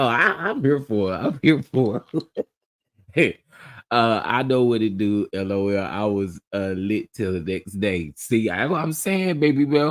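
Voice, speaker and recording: A man hosts a casual live stream, greeting viewers by name and laughing as he goes. His voice sits at an ordinary mid pitch, and his manner is sassy and animated. The sound is dry and close, with no room around it. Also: no room sound. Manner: sassy and chatty, calls people honey, child, baby. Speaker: livestream host.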